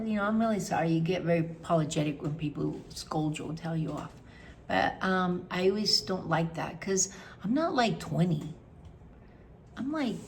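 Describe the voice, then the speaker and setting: A woman's voice: on the low side, vocal fry, a little hiss or hum. A middle-aged woman chatting casually and frankly, rambling with many fillers. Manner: frank, opinionated. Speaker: vlogger. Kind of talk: casual review chat.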